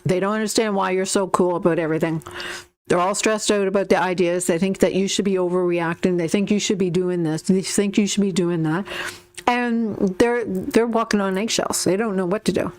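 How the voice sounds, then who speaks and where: A woman's voice: medium pitch, steady tone, fairly quick. Chatty woman reading tarot cards. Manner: chatty, repeats herself, acts out quotes. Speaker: tarot reader.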